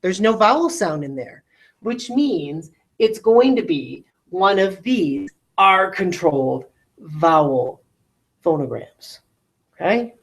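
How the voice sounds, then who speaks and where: A woman teaching a recorded phonics lesson to classrooms, slowly stretching out word sounds and checking in with rhetorical questions. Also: fairly low pitch, animated, poor audio.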